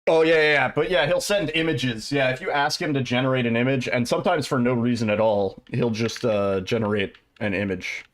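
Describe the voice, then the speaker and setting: A man's voice: mid-range voice, a little fast, few pauses. Rambling, laid-back male streamer. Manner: rambling, relaxed, casually profane, answers chat. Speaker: livestreamer and speedrunner. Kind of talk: casual livestream chat.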